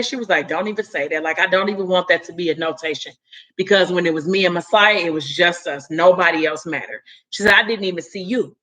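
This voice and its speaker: Her voice is lowish and a bit bright, and she talks briskly. She's a story recapper retelling events in a chatty, casual manner, acting out what the characters said and filling her speech with "you know" and "like."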